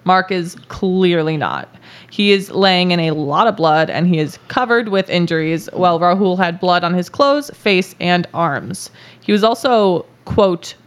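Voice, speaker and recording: A woman's voice: on the low side, measured pace. A woman hosting a podcast, telling a story in a casual, chatty way, laughing often and using many filler words. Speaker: podcast host.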